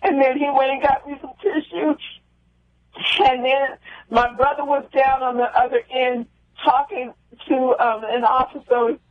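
A woman with a high voice, phoning in as a guest and telling her own story with heartfelt repetition. Her voice comes through a narrow, tinny phone line with a dry, close sound. She halts and restarts often. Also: fairly even intonation, a little slow, dry recording. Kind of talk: emotional personal storytelling. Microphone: telephone.

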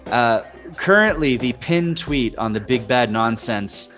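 A man's voice: medium pitch, lively intonation, unhurried, a bit bright, soft background music. A man hosting a casual podcast over a video call, rambling with fillers and restarts. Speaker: podcast host.

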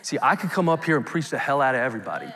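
Pastor, man, 30s, mid-pitched, emphatic live sermon, echoing hall. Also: lively intonation, very fast, fairly bright tone. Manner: emphatic preaching with rising calls to the congregation. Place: church sanctuary. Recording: long hall reverb.

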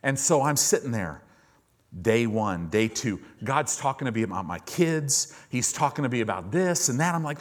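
A man's voice: medium pitch, animated, normal speed. A man preaching a sermon as a pastor, telling stories and acting out the voices of the people he quotes, while the congregation calls back in the church service.

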